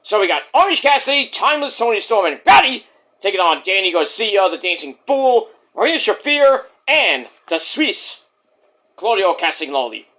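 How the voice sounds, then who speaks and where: A man's voice: high voice, big pitch swings, moderate pace, bright, forceful tone. A man reviewing a wrestling show in a casual, rambling, jokey way, interrupting himself with asides.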